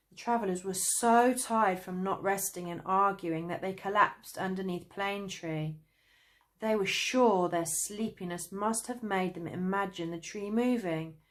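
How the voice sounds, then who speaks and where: A woman with a British accent narrating a children's story, gentle and even. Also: lowish voice. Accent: British English. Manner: slow, gentle, lively voices.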